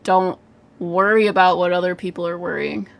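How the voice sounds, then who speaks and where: Gravelly-voiced woman chatting on a livestream. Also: on the low side, flat delivery, normal speed. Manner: chatty, lots of "like" fillers, laughs often, swears casually. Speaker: psychic medium giving live readings. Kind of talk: casual livestream chat.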